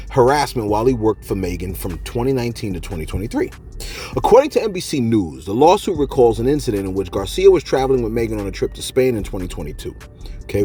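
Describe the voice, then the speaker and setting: A man hosting a celebrity gossip show, joking through the news and talking straight to viewers. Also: mid-range voice. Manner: animated, jokey, talks straight to viewers, acts out quotes.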